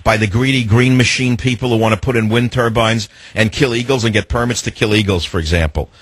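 A man's voice: fairly low pitch, steady tone, brisk, slightly rough, no echo. A man hosting a radio talk show, talking in an opinionated, emphatic and rambling way into a studio microphone.

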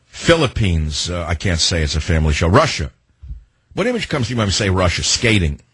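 Husky older man with a sardonic ramble. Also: sits low, big pitch swings, a little fast, fairly bright tone, no room sound. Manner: rambling, sardonic, free-associating. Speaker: radio talk host. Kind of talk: opinionated talk radio monologue.

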